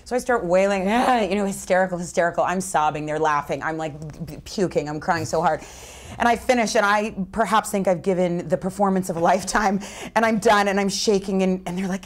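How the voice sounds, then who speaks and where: An actress in a casual interview, telling a lively anecdote and acting out what others said. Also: female voice, mid-range voice, brisk. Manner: animated storyteller who acts out quotes with laughs. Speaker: actor interviewed as a guest. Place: festival press interview room.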